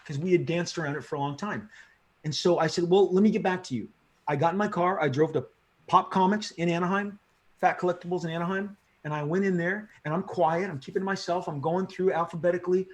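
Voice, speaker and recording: Excitable high-voiced middle-aged man. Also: fast. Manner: excitable, animated, repeats himself, slangy. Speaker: comic book creator, interview guest. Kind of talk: casual interview storytelling.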